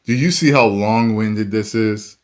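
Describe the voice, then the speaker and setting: Brief: male reaction host with a lowish voice, emphatic and ranting. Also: unhurried. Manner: ranting, emphatic, laughs often. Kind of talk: reaction commentary.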